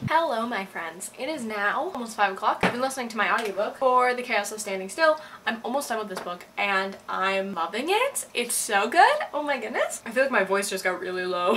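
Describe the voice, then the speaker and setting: A young woman chatting casually at home in a book vlog, bubbly and giggly, gushing with excitement. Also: fairly high pitch, background noise. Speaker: book vlogger.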